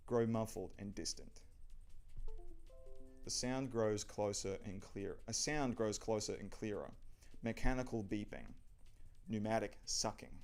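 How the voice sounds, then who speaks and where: A man's voice: on the low side, a little mellow. A man reading his own screenplay aloud, narrating the action dramatically. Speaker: channel host reading his script.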